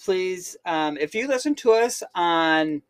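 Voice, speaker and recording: A woman's voice: fairly low pitch, animated, takes it slowly, smooth. A woman in her forties hosting a podcast from home, chatting casually in a playful, teasing way. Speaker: podcast host. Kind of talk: casual family chat. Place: at home, indoors.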